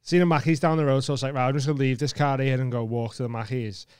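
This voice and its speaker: A man's voice: medium pitch, very fast, smooth, no echo, studio quality. A man co-hosting a podcast, telling a story in casual chat with plenty of swearing. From England. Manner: swearing, animated anecdote with laughs. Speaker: podcast co-host.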